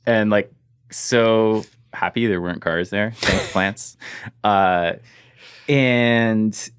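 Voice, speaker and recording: A man's voice: on the low side, fairly even intonation, drawn-out words, clear, resonant tone, no room sound, clean studio sound. A man, a guest in an interview, telling a personal story casually and leaning on "like" as he goes. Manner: casual, fills with "like", trails off quietly.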